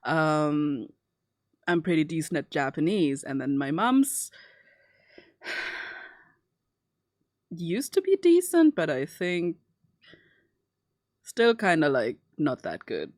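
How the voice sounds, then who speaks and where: A young woman whose first language is German chats casually on a live stream and laughs often. Her voice sits a little low. The sound is dry and close, with no room echo. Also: very animated, slow, long pauses, darkish tone. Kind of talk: casual chat while drawing.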